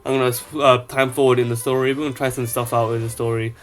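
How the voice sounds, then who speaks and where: A man's voice: mid-range voice, little pitch movement, quick pace. Guy rambling thru a demo of his app, um and uh a lot, faint music behind. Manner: casual, rambling with fillers. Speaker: app developer. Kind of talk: casual product demo.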